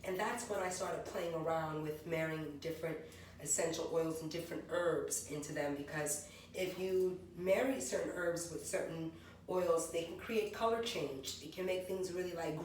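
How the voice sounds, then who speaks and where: A woman's voice: deep voice, normal speed, a little mellow. A woman in her forties, a maker of natural hair and skin products, chatting her way through her product line and rambling through lists of ingredients. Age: 40s. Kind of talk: casual product walkthrough vlog. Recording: very echoey room, voice from far off, faint background hum.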